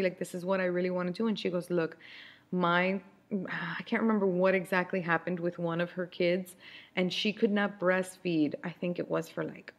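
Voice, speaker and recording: A woman's voice: on the low side, a bit bright. A woman in her thirties hosting a podcast, telling a personal story in a candid, chatty way with frequent restarts. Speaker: podcast host.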